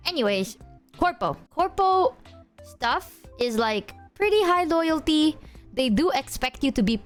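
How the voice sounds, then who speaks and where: A woman's voice: high-pitched, very animated, a little slow, soft background music. A young woman streaming and chatting casually with her viewers, bubbly, laughing often and swearing freely.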